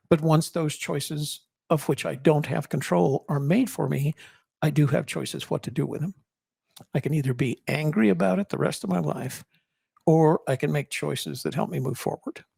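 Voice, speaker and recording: A man in his seventies telling a personal story in an interview, reflective, with halting restarts. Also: a little high, steady tone, vocal fry, mellow, slightly rough, no room sound, studio quality. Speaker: guest, army veteran and co-author.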